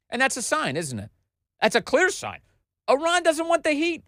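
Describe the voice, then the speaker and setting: A man in his forties hosting a political commentary show in a studio, talking in an animated, emphatic way straight to the listener. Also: high-pitched, a little fast, no room sound. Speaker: host.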